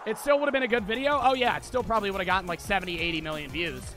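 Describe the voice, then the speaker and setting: Slangy, high-voiced young man streaming. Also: racing. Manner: slangy, excitable, swears often. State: out of breath. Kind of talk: casual gaming commentary. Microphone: headset. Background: game music.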